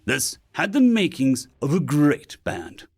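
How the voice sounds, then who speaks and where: A man's voice: a little high, wildly swooping pitch, slow pace, slightly rough. A man reading sci-fi short stories aloud as scripted narration.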